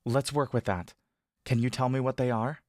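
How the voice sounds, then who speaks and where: A man voicing a gentle male furbolg who speaks telepathically in a soothing, calm, reassuring voice with an elvish intonation. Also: mid-range voice, normal speed, no echo, studio quality, close to an everyday voice. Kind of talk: audio drama narration.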